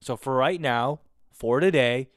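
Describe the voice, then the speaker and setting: A man hosting his own podcast alone, chatting casually in a rambling, excitable way with a lot of swearing. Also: mid-range voice, unhurried, no echo, studio quality. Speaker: podcast host. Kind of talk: casual solo podcast chat. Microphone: close studio mic on camera.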